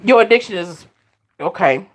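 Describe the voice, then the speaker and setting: A woman's voice: medium pitch, animated, normal speed. A woman hosting a casual live chat, talking straight to her viewers and laughing often. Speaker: live stream host.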